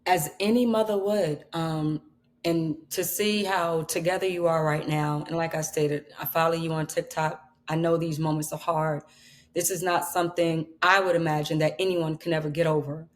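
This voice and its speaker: A woman's voice: low-pitched, steady tone, moderate pace. A woman interviewer speaking sympathetically and affirming her guest.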